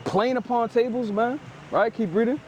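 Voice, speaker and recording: A man's voice: very high-pitched, moderate pace, a little hiss or hum. A man preaching outdoors, explaining scripture in loose street slang and tagging phrases with "man". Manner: lively and emphatic, paraphrases scripture in street speech.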